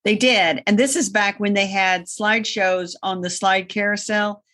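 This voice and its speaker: Female co-host who spins meandering anecdotes with dry humor, middle-pitched voice. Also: steady tone, moderate pace, fairly bright tone. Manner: rambling storyteller, wry. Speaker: gardening podcast co-host. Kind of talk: casual chat.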